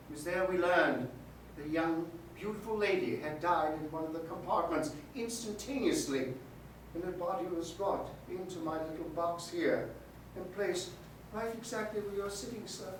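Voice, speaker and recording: A troubled railway signalman, as a male storyteller puts him on, speaks in a solemn, halting way. His voice sits a little high and carries a heavy echo. It sounds picked up from across a large room, with faint noise behind. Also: fairly bright tone. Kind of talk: live storytelling performance. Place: museum event space. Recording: echoey hall, mic far off, faint noise.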